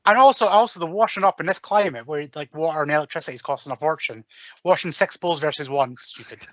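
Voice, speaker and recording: Scottish male co-host, fast, bright, jokey, lo-fi audio. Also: on the high side, no echo. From Scotland. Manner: emphatic, sweary, jokey. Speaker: podcast co-host. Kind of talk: casual chat.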